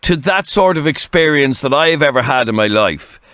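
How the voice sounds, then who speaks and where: A man's voice: mid-range voice, lively intonation, normal speed, fairly bright tone, dry recording, studio quality. Irish man hosting a radio phone-in. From Ireland. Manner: conversational, probing. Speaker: radio talk show host. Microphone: studio microphone.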